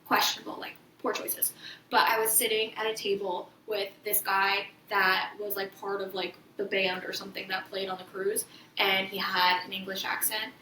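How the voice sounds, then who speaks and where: A woman co-hosting a casual chat, candid and quick to swear and laugh. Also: medium pitch, flat delivery, bright, forceful tone, far from the mic. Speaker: podcast co-host. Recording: echoey room, voice a bit off-mic, faint noise.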